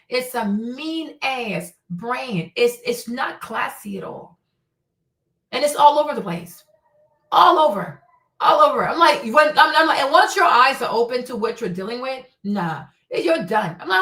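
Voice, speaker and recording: A woman from Africa hosts a livestream, ranting in a blunt, heated, profane way and repeating her points. Her voice is a little high and sharp, and the sound is reverberant.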